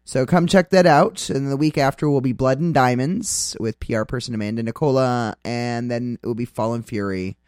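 A man's voice: mid-range voice, normal speed, hardly any pauses, a little mellow, smooth, no room sound, clean studio sound. A man hosting a casual talk radio show, rambling with many fillers as he reads out upcoming gig listings.

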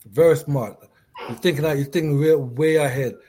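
A man's voice: fairly high pitch, normal speed, mellow. A middle-aged man interviewing a young woman in a casual chat, encouraging, laughing often and repeating his words.

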